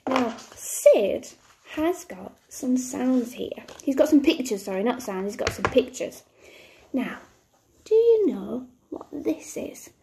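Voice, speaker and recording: A woman teaching a phonics lesson to young children, slow and encouraging, with sing-song praise. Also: high-pitched, creaky, darkish tone. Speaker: primary school teacher.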